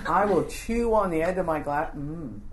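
A woman teaching a Bible lesson to a group, telling the story in an informal, animated way and asking the group questions. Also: lowish voice, normal speed, roomy sound, background noise.

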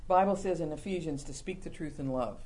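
Folksy, playful preacher man. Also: fairly quick. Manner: folksy and humorous, acting out quoted lines, dropping soft and low for confessions. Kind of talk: conversational sermon.

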